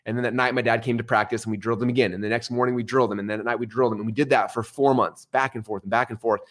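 A middle-aged man, a podcast guest, telling stories in a casual, animated way. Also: medium pitch, racing. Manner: animated, swings into excited outbursts. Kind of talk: casual storytelling.

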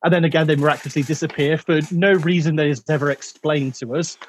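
A man's voice: on the high side, steady tone, fast talker, slight background noise. A man chatting casually about a film, rambling with many fillers and restarts. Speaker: podcast co-host.

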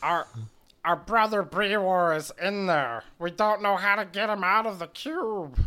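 A man puts on the voice of a small, worried gnome in a tabletop game, pitched well above his own and bright. The gnome pleads earnestly for help. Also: measured pace.

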